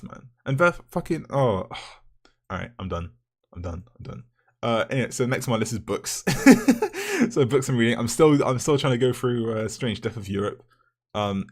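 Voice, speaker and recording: A young university student rambles and rants in a vlog, swearing a lot and using many filler words. His medium-pitched voice is rough from the morning.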